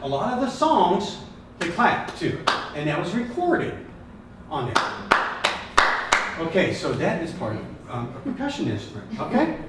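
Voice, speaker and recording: A slightly high-voiced man runs a hands-on drum lesson, his pitch rising and falling a lot as he encourages the group. He sounds far from the mic. The room is echoey and there is steady background noise. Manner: encouraging, asks the group questions, repeats praise. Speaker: drum workshop leader.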